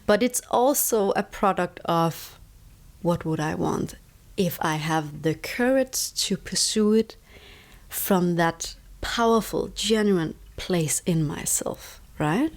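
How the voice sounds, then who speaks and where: A Danish woman, whose first language is Danish and who speaks with a Danish accent, is an interview guest reflectively explaining her ideas on stress. She repeats words to stress her points, speaking slowly and expressively in a lowish voice.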